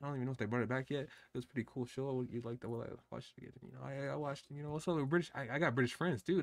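A young man hosting a reaction video in a casual, animated way, with frequent outbursts and a lot of "dude". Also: mid-range voice, very fast, vocal fry, few pauses, dry recording. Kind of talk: excited casual reaction commentary.

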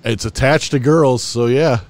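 A man's voice: mid-range voice, measured pace. A man co-hosting a podcast in casual chat, laid-back and profane, often sighing. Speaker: podcast co-host.

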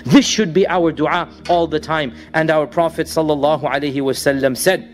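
A man giving a sermon, telling a story dramatically, rising to raised passages and dropping to low solemn ones, and reciting Arabic verses quickly. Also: fairly even intonation. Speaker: preacher.

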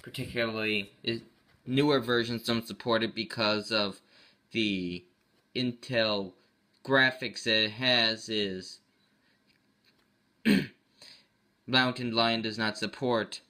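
A man with a bright, clear voice talks casually through a computer demo. He rambles a little and often stops to correct himself mid-sentence. He sounds offhand and unpolished, like a hobbyist host. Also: on the low side. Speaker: tech channel host. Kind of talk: casual screen-recorded tech walkthrough.

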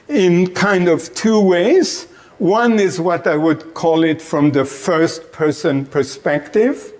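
A man giving an academic lecture in a meditation center classroom, deliberate and explanatory, often checking in with the audience. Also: high-pitched. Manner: deliberate, checks in with "Okay?", light chuckles.

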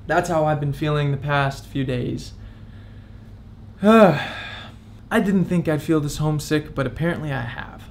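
A man's voice: fairly high pitch, measured pace, a little hiss or hum. A young man in his twenties opening up in a confessional vlog, candid and reflective, talking as if close to tears. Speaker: vlogger.

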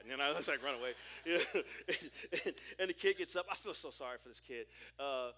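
A man in his forties preaching a sermon as a pastor, telling a personal story in an animated way with frequent restarts. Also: medium pitch, a little slow, long pauses. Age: 40s.

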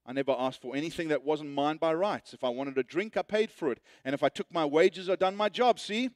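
A man voicing the ghost of a working man who insists on his rights, raising his voice higher and louder as he complains. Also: fairly quick, no room sound, clean studio sound, lightly acted. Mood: boastful. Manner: indignant, insistent, blustering.

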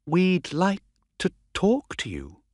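A man reading an audiobook voices a calm young woman traveler who speaks quietly and teases her companion. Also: fairly high pitch, slow pace, no room sound, clean studio sound, pitched above the performer's own voice, heavily acted. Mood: teasing. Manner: quiet, teasing.

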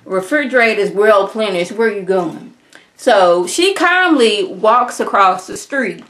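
A woman casually recapping a TV episode in colloquial, animated speech. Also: mid-range voice, slow. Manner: animated, colloquial, acts out characters' lines. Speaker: TV show reviewer.

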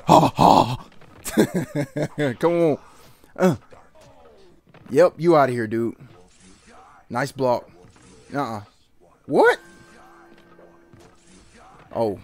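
Animated young man commentating a game. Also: on the high side, gravelly. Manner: animated, yelps and laughs, trash-talks the opponent. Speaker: gaming channel host. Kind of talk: excited gameplay commentary.

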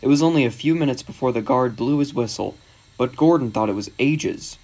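A man narrating a children's storybook in a steady, measured reading. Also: medium pitch.

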